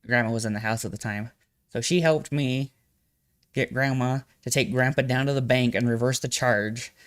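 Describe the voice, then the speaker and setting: A young man streaming, reacting to a video with profane, animated storytelling that jumps suddenly loud. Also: mid-range voice, moderate pace. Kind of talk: casual live-stream commentary.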